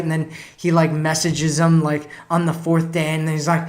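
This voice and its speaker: A man's voice: on the high side, level tone, normal speed, few pauses. A man hosting a live stream as a dating coach, giving casual advice and reading out viewer comments, often tagging lines with "right?" and "you know".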